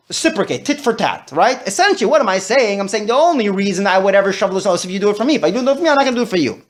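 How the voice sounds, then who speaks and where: A man's voice: sits high, lively intonation, racing, hardly any pauses. A man teaching a discussion-style class, talking animatedly and mixing in Yiddish and Hebrew terms. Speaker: Torah teacher.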